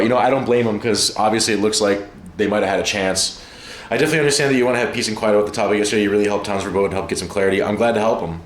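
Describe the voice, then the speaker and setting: A man streaming from home, chatting casually, excitable and profane, rambling from one thing to the next. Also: medium pitch, echoey room. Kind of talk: casual livestream chat.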